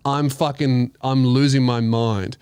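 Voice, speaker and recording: A man telling a funny story on a casual podcast, animated and laughing, swearing a lot and acting out the voices. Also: mid-range voice, measured pace, clean tone, no room sound. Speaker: comedian host telling a story.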